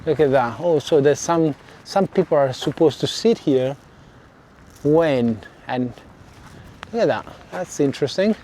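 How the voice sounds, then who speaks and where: A man with an Italian accent talks to his viewers while walking along a harbour, in a fairly high voice. He chats loosely, stops to correct his words and apologises along the way. His mic sits under his jacket, with faint outdoor sound behind him. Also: lively intonation, a little slow, mellow, a little hiss or hum. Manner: chatty, self-correcting, apologetic asides to viewers. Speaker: vlogger. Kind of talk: casual walking vlog. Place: outdoors by a seaside village harbour and beach. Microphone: clip mic under a jacket.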